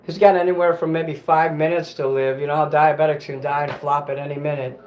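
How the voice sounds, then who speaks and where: A man's voice: fairly high pitch, level tone, a little fast, darkish tone. A man on a casual livestream, ranting bitterly and cursing, often stopping to correct himself. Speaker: livestream host.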